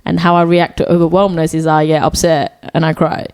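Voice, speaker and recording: Female podcast co-host, slightly low voice, candid and self-mocking, laughs easily, hesitant fillers. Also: level tone, a little fast, a little mellow, smooth. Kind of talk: casual chat.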